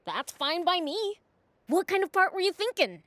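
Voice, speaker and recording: A high young demon prince. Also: female voice, sing-song, moderate pace, a bit bright, no echo, full character voice. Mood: friendly. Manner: direct, curious questions. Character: young male demon prince, bike-loving. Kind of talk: video game dialogue.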